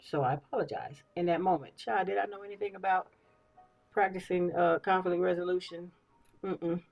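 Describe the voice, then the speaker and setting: This beauty vlogger, a woman in her fifties, talks casually as she gets ready, at normal speed and in a steady, lowish voice with vocal fry and a darkish tone. Soft background music plays and the audio is poor. She tells stories animatedly, repeating phrases and checking in with listeners.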